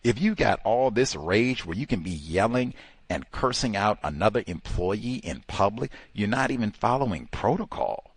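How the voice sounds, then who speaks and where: A man's voice: fairly low pitch, expressive, normal speed, slightly rough, dry recording. A man hosting a talk show, giving impassioned, emphatic commentary full of exclamations and rhetorical questions. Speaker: host.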